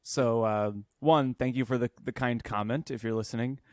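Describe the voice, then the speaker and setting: Here a man co-hosts a podcast, laughing a lot as he wanders through a story in relaxed conversation. He speaks at normal speed with a medium pitch, fairly level intonation and a slightly mellow quality, captured dry with clean studio sound.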